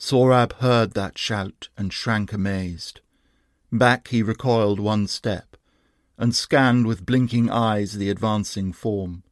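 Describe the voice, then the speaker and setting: A man reciting a narrative poem in a slow, measured, steady manner. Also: on the low side, no echo, clean studio sound. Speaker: reader. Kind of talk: narrative poetry reading.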